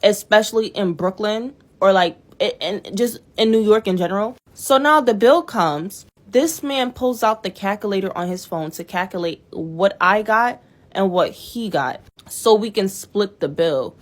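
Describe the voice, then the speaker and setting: A woman's voice: mid-range voice, measured pace. A young woman in a casual storytime vlog, telling a dating story in a blunt, profane and exasperated way.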